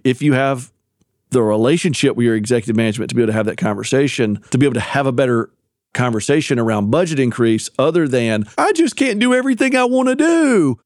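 Male podcast co-host, mid pitch, dry studio sound, chatty advice-giver. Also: a little mellow, dry recording. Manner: explains at length, gives business advice. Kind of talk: casual chat.

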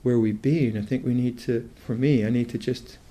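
An older man teaching meditation in a mellow, relaxed voice, thinking aloud as he goes. He starts phrases over and over before settling into his point, in the unhurried manner of a dharma talk. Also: medium pitch. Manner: thoughtful, halting, with many restarts.

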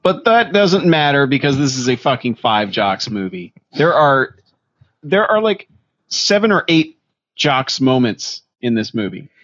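A man co-hosting a podcast, chatting casually about a movie and retelling scenes in an animated, profane way. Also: mid-range voice, measured pace, no room sound, highs cut off. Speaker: podcast co-host. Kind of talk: casual movie review chat.

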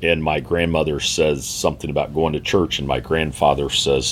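A middle-aged man sitting at a table, reflectively telling a family story in a halting, heartfelt way with many fillers and restarts. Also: extremely low pitch, level tone, a bit bright, a little hiss or hum. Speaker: guest. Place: seated at a table indoors.

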